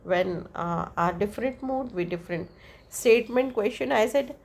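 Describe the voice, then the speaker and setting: A woman teacher giving a lecture and explaining terms step by step, often checking with "right?" and pausing on "uh". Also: mid-range voice, vocal fry. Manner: slow, deliberate delivery with demonstrated examples. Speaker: English teacher.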